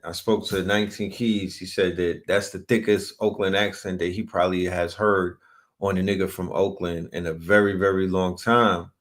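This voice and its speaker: A man's voice: deep voice, little pitch movement, moderate pace, a bit bright. A man hosting his channel, talking casually to a live chat in loose street slang, often asking "you feel me?". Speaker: channel host.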